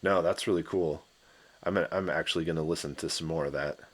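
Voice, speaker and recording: A man's voice: extremely low pitch, steady tone, quick pace. A man co-hosting a music podcast, talking in a laid-back, joking way and often restarting his sentences. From California. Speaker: podcast co-host. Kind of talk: casual chat.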